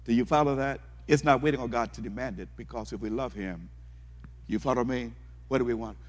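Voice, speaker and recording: A man preaches a passionate sermon, circling back on his points and throwing questions out to the congregation. His voice is mid-pitched with a husky edge. It carries through a church hall with a long, ringing reverb. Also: brisk. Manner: fervent, repetitive preaching that asks the congregation questions.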